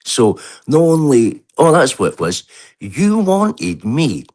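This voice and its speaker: A man's voice: medium pitch, huge pitch swings, takes it slowly, darkish tone. A man on a video call, telling an angry, heated and sweary story with lots of restarts. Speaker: livestream guest. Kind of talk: heated casual rant.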